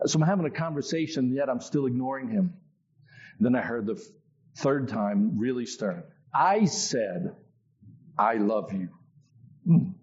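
A man's voice: medium pitch, muffled recording. A man preaching his life story. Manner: conversational, animated storyteller. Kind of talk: personal testimony in a sermon.

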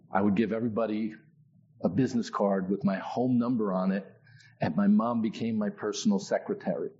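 A man's voice: fairly low pitch, muffled recording. A man preaching his life story. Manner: conversational, animated storyteller. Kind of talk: personal testimony in a sermon.

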